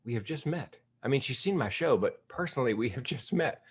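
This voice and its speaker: A man's voice: mid-range voice, expressive, fairly quick, slightly rough. An older man giving a humorous keynote speech, telling stories candidly with self-deprecating humor. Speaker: keynote speaker.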